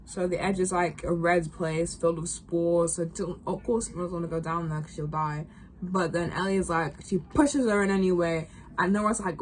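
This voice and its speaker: A young woman chats casually about a game, rambling with constant fillers. Her voice sits a little low. A faint hiss runs under the recording. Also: steady tone, moderate pace. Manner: rambling, full of fillers and acted quotes. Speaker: gaming vlogger recapping a game. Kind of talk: casual chat.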